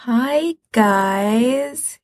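A woman's voice: on the high side, very slow, voice pushed up. Woman reading Gerard, a meek, guilty young man. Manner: meek, apologetic, hesitant.

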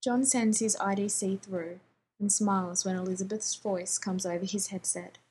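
Female story reader, calm and even delivery, strongly breathy tone. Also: mid-range voice, normal speed, poor audio. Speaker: audiobook reader. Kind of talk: reading fan fiction aloud.

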